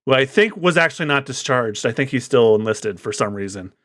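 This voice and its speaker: Chatty male co-host, bright and animated, reading along and thinking aloud. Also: mid-range voice, brisk. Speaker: podcast co-host. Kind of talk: casual manga readthrough chat.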